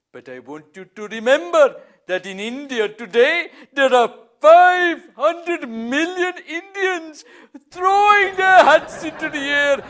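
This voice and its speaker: A grandly formal king from India delivers a stately speech, as a man puts him on. The voice is very high and the pace is slow and ceremonious. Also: fairly bright tone, full character voice.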